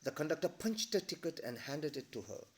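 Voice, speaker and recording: Teacher, animated storytelling, slightly high voice, explains as he goes. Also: fairly quick. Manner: explanatory, checks in with "all right?". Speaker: English teacher. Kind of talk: reading and explaining a story for a class.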